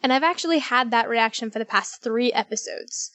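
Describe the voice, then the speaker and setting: A woman's voice: fairly high pitch, brisk, a bit bright, dry recording. A woman co-hosting a storytelling podcast in casual chat, chatty and self-aware, laughing often. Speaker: podcast co-host.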